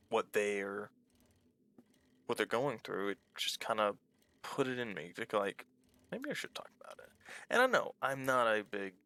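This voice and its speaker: Gravelly, bright-voiced man rambling over gameplay. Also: lowish voice. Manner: rambling and candid, swears casually. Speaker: small YouTuber playing a game. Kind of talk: casual let's-play commentary.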